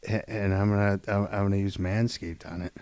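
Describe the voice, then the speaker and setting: A man's voice: on the low side, little pitch movement, fairly quick, a little mellow, dry recording. Man bantering crudely on a dry mic. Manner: joking, profane banter. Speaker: podcast co-host. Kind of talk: casual podcast banter.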